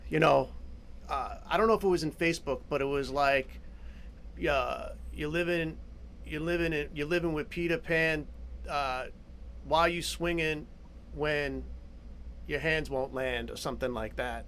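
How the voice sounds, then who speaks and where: A man's voice: on the high side, a bit bright, a little hiss or hum. A man in his forties hosting an interview in an enthusiastic, easygoing way, talking over a video call. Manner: enthusiastic, easygoing, quick to react. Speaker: podcast host, interviewer. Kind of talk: casual interview chat.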